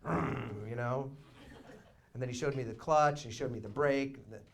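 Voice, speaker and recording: A young man doing live stand-up storytelling on a theater stage, dropping to quiet asides and then breaking into shouted, laughing excitement. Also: medium pitch, fast talker, slight background noise. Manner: laughs while talking. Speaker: stand-up comedian.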